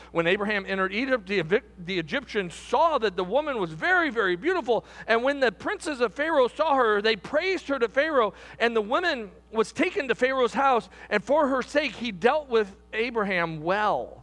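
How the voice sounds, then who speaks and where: Male pastor, high voice, middle-aged, conversational sermon, repeats himself, questions to the congregation. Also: animated, normal speed, few pauses, a bit bright.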